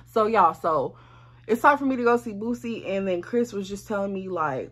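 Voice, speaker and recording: Husky young woman telling a story. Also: medium pitch, moderate pace. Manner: animated, blunt, swears freely. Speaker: vlogger. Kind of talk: casual storytime.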